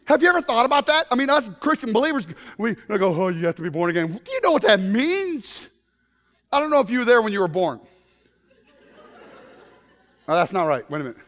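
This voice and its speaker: A man preaching a humorous sermon to a congregation, telling stories in an animated way with bursts of shouting. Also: high-pitched, brisk, long pauses, long reverb tail. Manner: animated storytelling with comic shouted outbursts. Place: congregation in a room.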